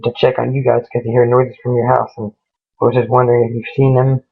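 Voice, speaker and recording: A stern deputy , put on by a man retelling a ghost story, lays things out in a flat, matter-of-fact official tone. The voice is gravelly and creaky. The sound is tinny, like a phone line. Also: mid-range voice, quick pace. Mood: polite. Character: stern adult male deputy.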